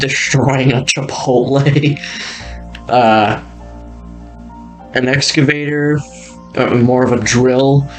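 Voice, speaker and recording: A man talks slowly and casually through a walkthrough. He rambles, chuckles often and lets sentences trail off. Faint music plays underneath. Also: medium pitch. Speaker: video creator touring an old game world.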